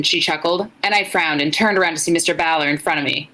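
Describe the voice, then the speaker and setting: A woman's voice: low voice, fast, vocal fry, hardly any pauses, pushed and bright, rough recording. A young woman co-hosting a podcast, blunt and joking as she reads fan fiction aloud in casual chat. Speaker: podcast co-host.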